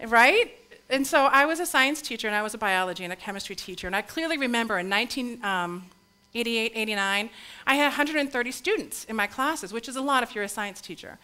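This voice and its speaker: Bright, animated middle-aged woman storyteller. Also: a little high. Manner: animated, candid, many fillers and asides. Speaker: educator, recovery school leader. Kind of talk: storytelling talk on stage. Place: stage at a live talk event.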